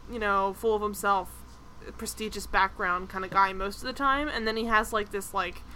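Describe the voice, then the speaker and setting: A woman co-hosting a casual TV review podcast, chatty and animated, full of "like" fillers. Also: mid-range voice, normal speed, a little hiss or hum. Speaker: podcast co-host.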